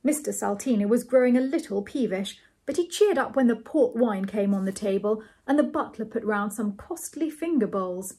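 A woman reading a novel aloud as a storyteller, measured and gently amused. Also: medium pitch, expressive, breathy edge.

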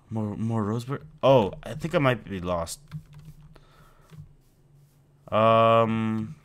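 A man's voice: on the low side, a little hiss or hum. A man giving rambling, playful commentary while playing a video game and chatting to his in-game pet. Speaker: gameplay video host. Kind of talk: casual let's-play commentary.

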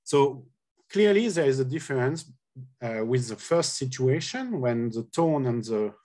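A linguistics lecturer delivers an academic colloquium talk, walking through his points step by step. His medium-pitched, darkish voice is animated yet a little slow, and he hesitates often, correcting himself and filling pauses with sounds.

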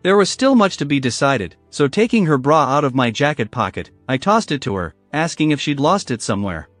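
Man narrating a revenge story, fairly high voice, bitter and even, dry booth sound with soft music. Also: a little fast, dry recording. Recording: dry voice with faint music behind.

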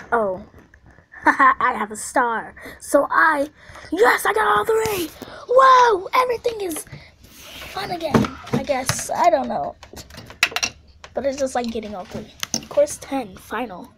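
Woman, gameplay host: high, very lively pitch, slow unhurried delivery, excitable and prone to squealing. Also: slight background noise, poor audio. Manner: excitable, squeals and panics during play, then mumbles quietly. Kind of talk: casual gameplay commentary.

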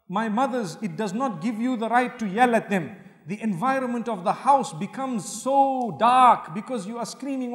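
A male Islamic preacher giving a sermon lecture, earnest and humorous, swinging between loud emphasis and soft asides. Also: sits high. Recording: long hall reverb.

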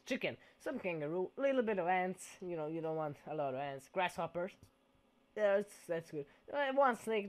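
A man giving casual gameplay commentary in a goofy, playful way, dropping mock-Italian exclamations. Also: high-pitched.

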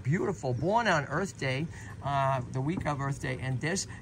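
A man hosting a casual outdoor vlog at a tortoise sanctuary, energetic and animated, constantly checking in with "right?". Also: mid-range voice, moderate pace, gravelly, background noise.

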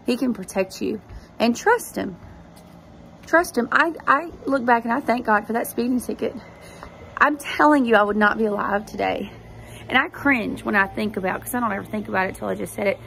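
A woman's voice: a little high, brisk, gravelly, a little hiss or hum. A woman, hosting a faith vlog and earnestly telling a personal testimony straight to her viewers. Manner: earnest, animated storytelling addressing viewers directly.

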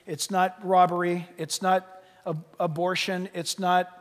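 A man pastor preaching a sermon in church, asking the congregation questions and swinging between loud emphatic lines and quiet asides. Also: sits high, flat delivery, unhurried, long reverb tail. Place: church sanctuary.

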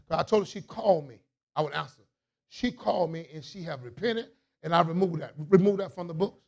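A man preaching a sermon as a bishop, in a call-and-response style that swings from quiet asides to shouts. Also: fairly high pitch, fairly quick, vocal fry.

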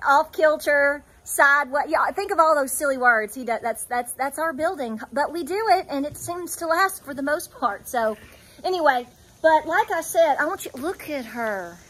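A woman with an Appalachian accent and a high voice rambles through a casual farm vlog, now and then cooing softly to her goats. She is recorded outdoors on a small farm, with faint animal and rooster sounds in the background. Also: a little hiss or hum. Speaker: homesteader.

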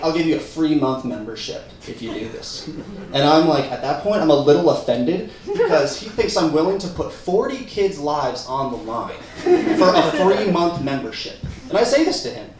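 A man's voice: on the high side, slight background noise. A young man performing a stand-up comedy set on a theater stage, telling a story and acting out the people in it. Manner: animated storytelling, acts out the people in his story. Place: theater stage with live audience. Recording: echoey room from a distance.

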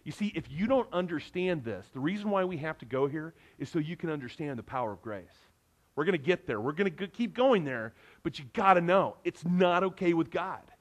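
A middle-aged male pastor delivering a sermon with a slightly raised pitch. He talks to the congregation in an earnest, conversational way. His voice drops to hushed asides and rises to emphatic peaks. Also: expressive, brisk. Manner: earnest, conversational preaching with wide swings in loudness. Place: church sanctuary.

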